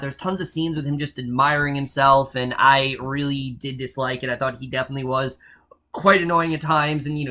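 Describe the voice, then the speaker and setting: A man's voice: a little high, sharp tone. A man reviewing a film in a casual spoken style, blunt and opinionated, with frequent ums and uhs. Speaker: movie reviewer.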